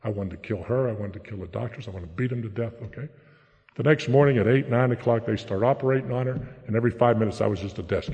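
A recovery meeting speaker, an older man from the Pittsburgh area, talks fast in a lowish, darkish voice. His testimony is blunt and plain-spoken, peppered with "okay?" at the ends of lines. The recording is echoey and dull, lo-fi hall sound.

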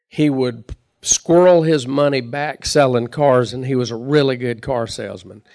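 A man's voice: mid-range voice, creaky, a little mellow. A middle-aged man telling his recovery story in a folksy, chatty way, laughing at himself. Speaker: recovery meeting speaker. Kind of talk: personal storytelling talk.

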